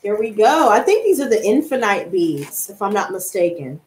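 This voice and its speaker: A woman's voice: mid-range voice, very animated, normal speed, echoey room, background noise. A woman in her twenties, a tarot reader and streamer, chatting casually on a livestream with blunt, profane, heated talk. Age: 20s.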